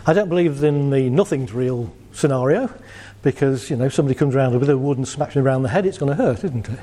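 Middle-aged man, warm relaxed timbre, chatty live-talk speaker with a joking streak. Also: mid-range voice, a little fast. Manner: chatty, jokey, laughs at his own stories. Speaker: speaker giving a talk on assertiveness. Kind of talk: casual talk to a live audience.

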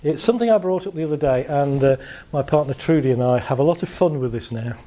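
A motivational speaker with a slightly high voice talks fast in a playful live talk to an audience. He jokes around and tells stories in an animated way.

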